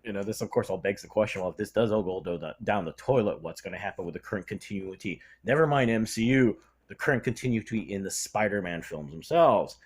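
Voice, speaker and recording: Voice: low-pitched, fast talker, few pauses. A vlogger giving casual, sarcastic opinion commentary that rambles along and trails off into "blah, blah".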